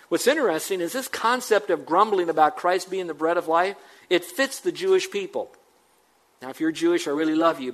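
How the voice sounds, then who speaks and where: A middle-aged man preaching a sermon in a conversational way, slowing down to quote scripture and rising to emphatic peaks. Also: on the high side, a bit bright, low-quality recording. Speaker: pastor.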